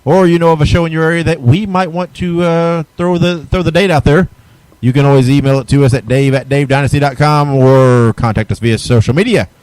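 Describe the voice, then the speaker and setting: A man's voice: on the high side, fairly even intonation, a little fast, a little mellow, no room sound, low-quality recording. Man, podcast host, casual chatty delivery, dry close sound. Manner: easygoing, chatty, reads show plugs.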